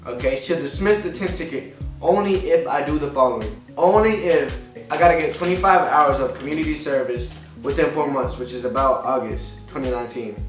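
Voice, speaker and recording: A man with a mid-range voice speaks briskly, ranting casually in a vlog. He vents his frustration with plenty of profanity and keeps circling back to the same points. The recording sounds like an echoey room with a distant mic and faint music.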